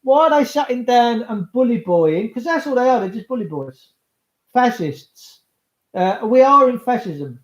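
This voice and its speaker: A man's voice: very high-pitched, expressive, normal speed. A man, rambling chattily to viewers in a casual livestream monologue. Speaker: livestream host. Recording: roomy, slightly dull sound.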